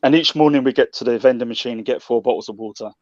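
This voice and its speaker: A man's voice: medium pitch, rapid-fire, darkish tone, dry recording, muffled recording. A man from South London with a London accent, chatting casually and telling stories, laughing often and swearing now and then. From South London, England. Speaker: guest Londoner advising traveling fans. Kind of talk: casual chat.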